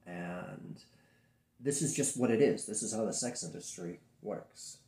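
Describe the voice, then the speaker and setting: A man producing adult films, speaking bluntly and profanely in a candid interview, telling animated stories from his own studio. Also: fairly low pitch, a little slow. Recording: roomy echo.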